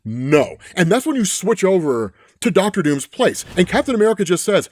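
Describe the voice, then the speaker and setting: A man excitedly recapping a comic book story, quoting the characters as he goes and tagging his points with "right?". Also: high-pitched, a little fast. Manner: animated, says "right?" a lot, quotes characters in passing. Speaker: comics explainer.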